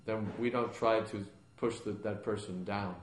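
Calm low-voiced male teacher, echoey room. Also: unhurried. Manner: calm, plain explanations with rising emphasis. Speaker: spiritual teacher answering questions. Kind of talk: question-and-answer class. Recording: echoey room with background noise.

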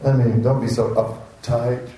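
A man's voice: mid-range voice, level tone, measured pace, dark tone, recorded from a distance, a little hiss or hum. A man giving an informal temple sermon, chatty and anecdotal, chuckling at his own jokes. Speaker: temple preacher. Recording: roomy echo, speaker away from the mic.

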